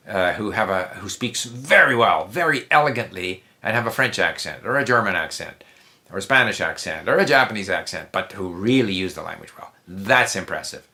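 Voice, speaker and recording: A low-pitched man with a bright, forceful tone speaks casually as an interview guest. He talks emphatically, circles back on his words and restarts sentences with plenty of fillers. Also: lively intonation, brisk. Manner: emphatic, repeats himself, frequent restarts and fillers. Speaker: polyglot guest on a language-learning interview. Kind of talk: casual conversational advice.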